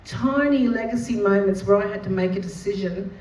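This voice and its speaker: An Australian woman, an educator and mother, telling a personal story in a lively, vivid storytelling manner. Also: mid-range voice, fairly quick. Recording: roomy, distant mic with faint noise.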